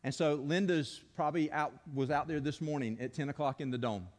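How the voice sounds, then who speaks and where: A man's voice: on the high side, brisk. A man preaching a sermon as pastor, telling stories earnestly and leading the congregation in call-and-response. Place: church sanctuary. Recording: long hall reverb.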